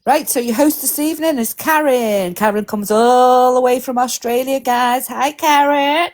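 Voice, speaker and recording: A woman hosting a casual live stream, teasing her co-host and firing off playful questions. Her voice sits fairly high, and her manner is loose and joking. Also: steady tone, normal speed, a little mellow, slight background noise.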